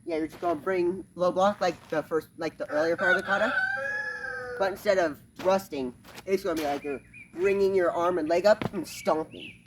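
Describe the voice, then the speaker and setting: A man teaching a karate form in a casual, halting way, full of fillers and punctuating each move with "bam" as he performs it outdoors. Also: high voice, steady tone, slight background noise. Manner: talks while performing moves. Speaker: karate instructor. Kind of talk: casual demonstration lesson. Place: backyard, outdoors. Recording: distant outdoor recording with clucking chickens.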